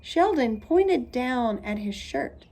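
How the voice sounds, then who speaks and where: A woman teacher reading a children's storybook aloud, expressive and clear. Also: sits high, slow pace.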